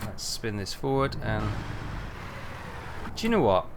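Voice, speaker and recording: A man's voice: on the low side, very animated, unhurried, noisy background. A man streaming a truck driving game, rambling chattily and greeting viewers by name while he drives. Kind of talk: casual live-stream chat while driving.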